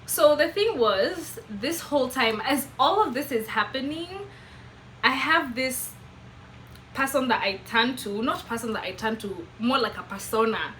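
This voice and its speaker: A young Kenyan woman with a Kenyan English accent, telling a chatty, animated, self-mocking story to camera. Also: high voice, measured pace, slight background noise, poor audio. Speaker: vlogger.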